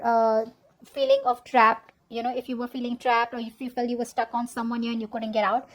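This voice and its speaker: A woman giving a casual tarot reading to camera, chatty and reassuring, often checking in with "okay?". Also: high-pitched. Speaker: tarot reader.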